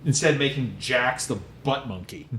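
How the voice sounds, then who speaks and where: A man's voice: medium pitch, normal speed, sharp tone. A man in a casual movie podcast chat, chatty and filling in plot details. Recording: roomy with light hiss.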